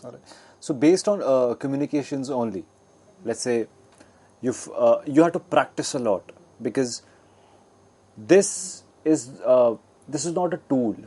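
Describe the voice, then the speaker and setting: Man, guest speaker, educational talk, explaining, demonstrates pitch and volume. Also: a little slow, long pauses, warm tone, breathy edge. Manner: explanatory, with frequent fillers and restarts.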